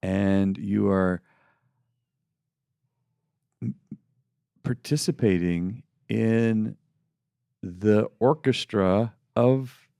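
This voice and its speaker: A middle-aged man co-hosts a faith podcast in a fairly low, gravelly, mellow voice, speaking extremely slowly with long pauses and no echo. He talks casually and mocks the people he quotes with put-on voices.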